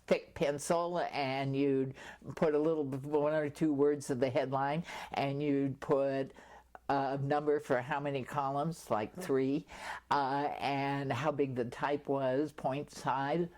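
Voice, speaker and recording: An older woman from California, USA, recounts her years in local journalism during an oral history interview. She's a chatty storyteller full of lively asides, speaking slowly in a bass voice.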